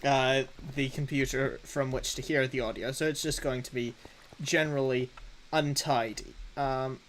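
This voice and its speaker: A man chatting casually on a live game stream, halting and self-mocking while he fumbles with his setup. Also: medium pitch, fairly even intonation, fairly bright tone, a little hiss or hum, poor audio. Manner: halting, fumbling through tech setup with many restarts.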